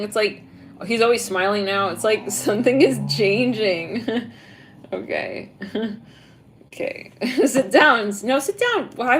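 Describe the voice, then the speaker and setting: A woman's voice: medium pitch, fairly bright tone, slight background noise. A young woman giving a casual tarot reading, rambling with constant "like" fillers and frequent giggles. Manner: giggly, rambling, heavy use of "like". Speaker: tarot reader.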